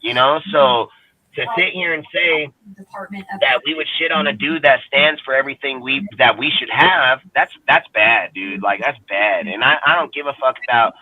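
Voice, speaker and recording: A man's voice: medium pitch, normal speed. A man from the United States co-hosting a casual talk show, ranting bluntly and heatedly with constant swearing. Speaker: podcast co-host. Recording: dry, phone-like band-limited audio.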